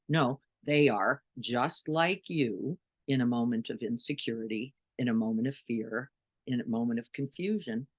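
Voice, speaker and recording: A woman's voice: very deep voice, a little mellow. A middle-aged woman meditation teacher giving an earnest dharma talk, full of rhetorical questions to her listeners.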